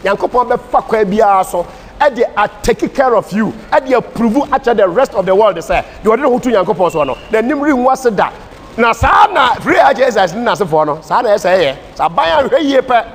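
A man's voice: high voice, animated, fairly quick. A Ghanaian man teaching a Bible class in a sermon style, speaking with a Ghanaian English accent and mixing English with Twi in an emphatic preaching cadence. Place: church hall. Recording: distant hall reverb with faint ambient noise.

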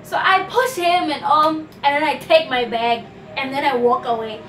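A young South African woman telling a storytime vlog, animated and chatty, often calling out to her viewers. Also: high voice, normal speed, a little hiss or hum. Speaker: vlogger. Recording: roomy, distant from the mic.

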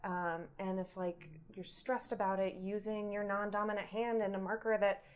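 A woman hosting a podcast interview, talking in a relaxed way and giving many listening hums. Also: medium pitch, normal speed.

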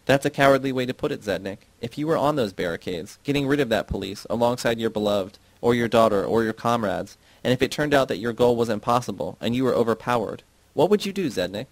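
A man's voice: mid-range voice, expressive, fast talker, hardly any pauses, no room sound, natural voice, rough recording. Man reading as a defiant, needling young woman. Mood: challenging. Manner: challenging, needling questions.

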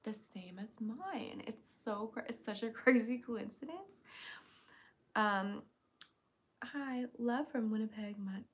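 A woman's voice: fairly high pitch, slow pace. Chatty woman hosting a livestream. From United States. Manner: chatty, upbeat, reads chat questions aloud. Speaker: livestream host answering chat questions. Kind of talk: casual livestream Q&A.

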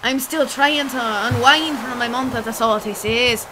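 A woman's voice: a little high, normal speed, very noisy, natural voice. A woman voicing an old male fisherman in a pirate accent, with drawling, salty sea talk. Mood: gruff.

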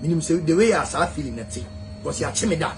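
A man's voice: fairly high pitch, animated, very fast, music in the background, rough recording. A man with a Ghanaian accent, talking casually and animatedly as a guest, mixing Twi and English. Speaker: celebrity guest. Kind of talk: casual chat.

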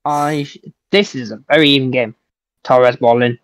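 A man's voice: mid-range voice, fairly even intonation, moderate pace, dry recording. A young man playing an online football game against his friend, teasing him in a dry, sarcastic way. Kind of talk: casual gaming banter.

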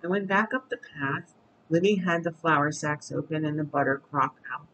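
Bedtime storybook reader, calm, steady, read-aloud. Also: mid-range voice, normal speed, muffled recording, slight background noise.

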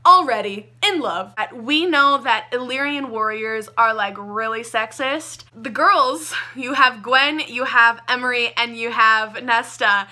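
A young woman gushing about a book she loved, talking casually and excitably with lots of "like" fillers. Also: fairly high pitch, unhurried, hardly any pauses. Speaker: book reviewer.

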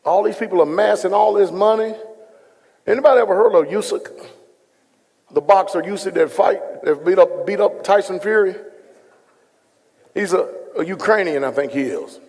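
Gravelly-voiced pastor in an echoing hall. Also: male voice, high-pitched, normal speed, long pauses, a little mellow. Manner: folksy, joking, talks straight to the room. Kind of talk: sermon with casual asides to congregation. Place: large hall before a live congregation. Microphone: stage microphone being adjusted. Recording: long hall reverb, echoey.

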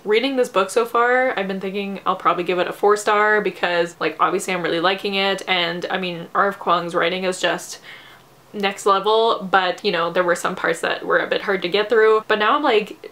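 A young woman, chatting casually about her reading in a rambling way with many fillers and frequent laughs, sounding tired and low on energy. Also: steady tone, moderate pace, a bit bright. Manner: laughs often. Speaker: book vlogger. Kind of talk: casual chat.

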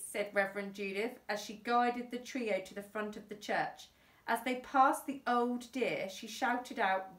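A woman teacher from England reading a storybook aloud to her class, unhurried and expressive. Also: a little high, roomy sound, recorded from a distance.

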